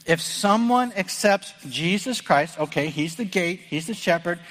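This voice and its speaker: A man's voice: high-pitched, lively intonation, measured pace, a bit bright. A middle-aged Midwestern pastor preaches earnestly to his congregation, his slightly raised voice carrying a long hall reverb. He talks plainly and conversationally, often restarting his sentences as he drives each point home. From American Midwest. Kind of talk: sermon.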